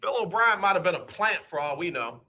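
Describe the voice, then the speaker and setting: A man hosting a live radio talk show, animated and joking as he teases his listeners. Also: high voice, brisk. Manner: animated, joking, playful teasing. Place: radio studio.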